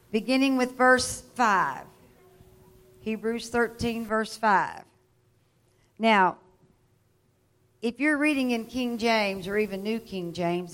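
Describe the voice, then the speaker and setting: A woman preaching in a church, reading scripture aloud and leading the congregation in repeating it. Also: medium pitch. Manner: reads scripture slowly, building to loud call-and-response. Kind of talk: sermon.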